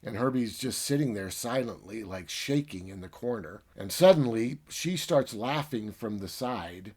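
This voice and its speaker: A man's voice: on the low side, lively intonation, a little slow, a little mellow, breathy edge. A man reviewing a book by retelling its plot in a chatty, filler-heavy way. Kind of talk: casual story retelling.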